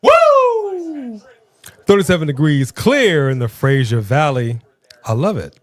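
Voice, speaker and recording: A man's voice: medium pitch, normal speed, no room sound. A man co-hosting a live stream, chatting casually and playfully reading out viewer comments. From Southern California. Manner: energetic, playful, reads chat aloud.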